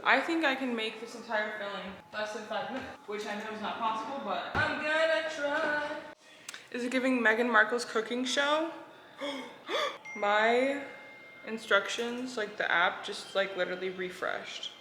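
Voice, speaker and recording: Her voice is a little high and sharp in tone, at a moderate pace. A vlogger, she talks casually and self-deprecatingly to viewers while cooking in her home kitchen, which is echoey with clattering dishes and slight background noise.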